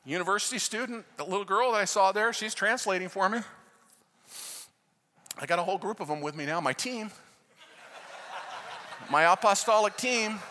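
An American man preaching a sermon, telling a story with passion and moving between loud fervent prayer and hushed narration. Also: high voice, moderate pace, long pauses, slight background noise. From United States. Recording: reverberant hall.

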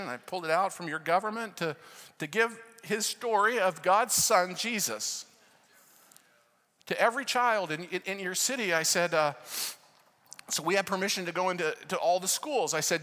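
An American man preaches with a high, bright, sharp voice that carries through a big hall with a long echo. He swings from loud, fervent prayer to quiet, hushed storytelling. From United States. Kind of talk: sermon storytelling. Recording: reverberant hall.

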